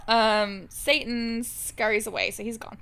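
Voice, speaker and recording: Young woman podcast co-host, bright and a little high, irreverent comic recap with giggles. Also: steady tone, unhurried, vocal fry, smooth. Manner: irreverent, giggly, acts out characters in silly voices. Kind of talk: casual comedic book recap.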